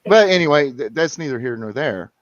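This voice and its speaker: A man's voice: medium pitch, expressive, fairly quick, no room sound. A man, calling in and telling a long story in casual chat, rambling with restarts and repeats. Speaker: caller. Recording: muffled lo-fi sound.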